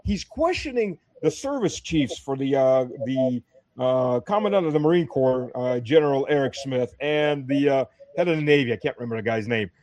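Lively, animated man in dry chat. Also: medium pitch, moderate pace, no echo. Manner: animated, laughs often, trails off and restarts. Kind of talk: casual political chat.

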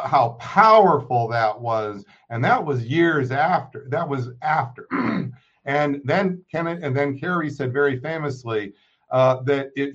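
A man's voice: mid-range voice, a bit bright. A man, a political scientist, giving emphatic lecturing analysis in an interview, dropping his voice on grave points. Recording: muffled remote audio.

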